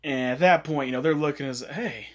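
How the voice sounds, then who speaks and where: A man's voice: a little high, steady tone, fast. Rambling male fan storyteller. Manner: rambling, many fillers. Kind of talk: casual retelling of a fan story.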